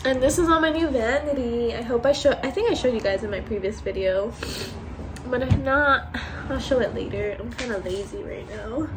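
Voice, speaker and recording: A woman's voice: fairly high pitch, normal speed, background noise. A young woman talking casually and candidly to her camera at home as she gets ready, rambling and swearing now and then. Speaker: vlogger. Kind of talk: casual get-ready-with-me vlog chat. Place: at home, getting ready at a vanity.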